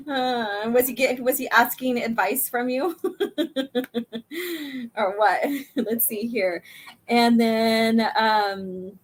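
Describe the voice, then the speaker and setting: A woman's voice: on the high side, extremely slow, pauses often. A woman hosting a casual chat, reading a comic aloud, chatty and giggly. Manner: giggly, chatty, reads dialogue in voices. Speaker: podcast host.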